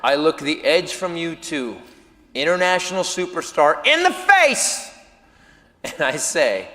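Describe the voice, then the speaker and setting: A man telling a self-mocking story as a stand-up comedian, animated and jumping into acted quotes. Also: a little high, measured pace. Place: comedy venue with live audience. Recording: live room with reverb and audience noise.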